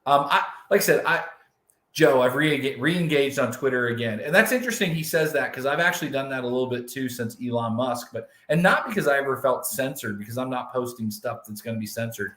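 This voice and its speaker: A man's voice: mid-range voice, animated, a little fast, pushed and bright. Casual male co-host in an echoey room. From United States. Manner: casual, with frequent restarts. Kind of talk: podcast conversation.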